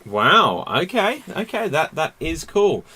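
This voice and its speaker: A man's voice: a little high, sing-song, sharp tone, slightly rough. A man hosting an online comedy game show in a playful, upbeat way over a video call. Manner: playful, quick to laugh.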